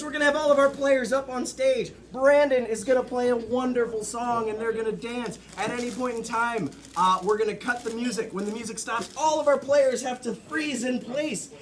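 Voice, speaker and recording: High-voiced joking male improv host. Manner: upbeat, joking crowd banter. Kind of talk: live comedy emceeing. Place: comedy theater stage before a live audience. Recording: live room with crowd and noise.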